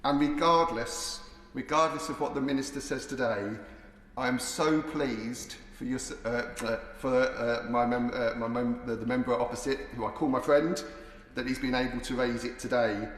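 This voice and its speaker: A man's voice: medium pitch, steady tone, moderate pace, a bit bright. Earnest man in an echoing chamber. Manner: earnest, stumbles over words. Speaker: member of parliament. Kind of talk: parliamentary debate speech. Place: debating chamber. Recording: echoey chamber with faint noise.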